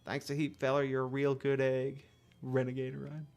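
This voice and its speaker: A man's voice: medium pitch, monotone, moderate pace, darkish tone, lightly acted. A man voicing a cheerful, cheeky drifter in a video game, speaking in a folksy drawl.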